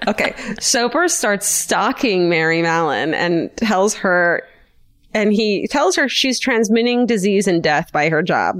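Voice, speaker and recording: A woman co-hosting a podcast, casually retelling a case in a chatty, profane way. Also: mid-range voice. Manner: profane, chatty, laughs often. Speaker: podcast co-host.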